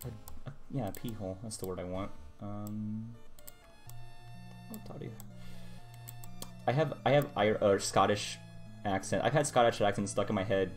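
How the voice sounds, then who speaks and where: A man's voice: fairly low pitch, moderate pace, pauses often. A young man streamer chatting casually while he draws, rambling and muttering to himself about his work. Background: music playing.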